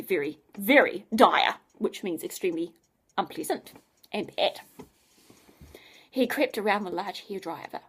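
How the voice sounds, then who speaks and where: A woman reading a children's adventure story aloud, expressive, with hushed whispers and playful explanations. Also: medium pitch.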